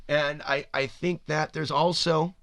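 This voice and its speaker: A man's voice: mid-range voice, a bit bright, a little hiss or hum. A man hosting a podcast, talking in a rambling, speculative monologue full of "you know" and restarts. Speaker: podcast host. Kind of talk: spoken monologue.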